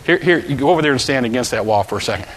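A man preaching a sermon, telling a story with volunteers and shouting out the characters' calls. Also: medium pitch, expressive, racing, a little hiss or hum. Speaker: pastor. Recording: long hall reverb.

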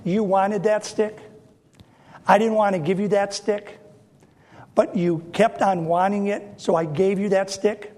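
A preacher doing Moses, stubborn and whiny. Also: male voice, high voice, steady tone, measured pace, a little mellow. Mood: protesting. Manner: whiny, protesting, repetitive. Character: Moses, grown man, stubborn reluctant shepherd.

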